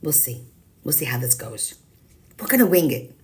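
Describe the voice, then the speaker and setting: A woman's voice: sits low, very animated, moderate pace, a little mellow. A woman hosting a live watercolor stream, chatting casually and teasing herself as she thinks aloud while painting. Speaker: live-stream craft host.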